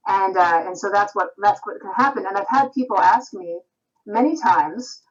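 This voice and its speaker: A woman's voice: medium pitch, moderate pace, slightly rough. A woman from Canada, a singer-songwriter, talking thoughtfully and reflectively as a guest in a video-call interview. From Canada, Vancouver. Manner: thoughtful, reflective, with frequent restarts. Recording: slightly dull Skype audio.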